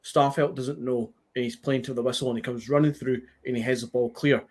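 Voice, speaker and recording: A man's voice: mid-range voice, steady tone, brisk, darkish tone. A man with a Scottish accent, earnestly making his case about a match in casual podcast chat. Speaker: podcast co-host.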